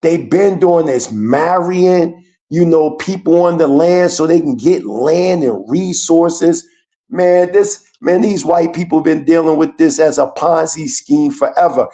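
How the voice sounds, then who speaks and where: A man's voice: fairly high pitch, a little slow, dark tone. A man who is a guest on a livestreamed chat, talking earnestly, rambling and searching for words.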